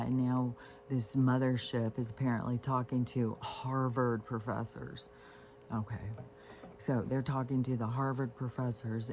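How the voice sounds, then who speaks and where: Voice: medium pitch, a little mellow, a little hiss or hum. A vlogger talking at home in a casual, meandering monologue, profane and full of fillers and restarts. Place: at home on a couch with pets.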